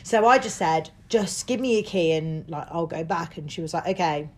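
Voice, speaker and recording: A woman's voice: lowish voice, normal speed, darkish tone. A young woman telling stories in casual chat, full of fillers and laughs. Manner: chatty storytelling, laughs often, many "like" fillers.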